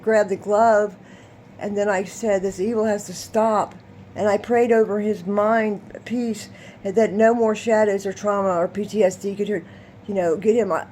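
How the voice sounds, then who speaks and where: A woman vlogging, telling a rambling, animated story and laughing often as she talks. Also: medium pitch, a little hiss or hum. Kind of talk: casual storytelling to camera.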